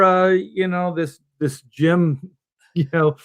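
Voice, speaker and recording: A man's voice: high-pitched, slow, clean tone. A middle-aged man from Southern California, casually telling a long anecdote over a video call and acting out the people in it. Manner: animated anecdote teller, acts out quoted voices. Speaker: comic book artist guest on a panel stream.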